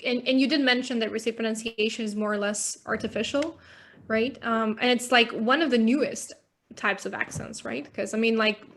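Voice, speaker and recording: Higher-voiced woman guest, faint line hiss. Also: fairly bright tone. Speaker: guest, English teacher. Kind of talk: casual conversation.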